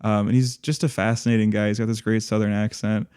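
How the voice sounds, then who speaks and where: A man's voice: lowish voice, level tone, fast talker, darkish tone, clean tone. A man co-hosting a podcast, talking casually and rambling, with many fillers and restarts. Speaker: podcast co-host.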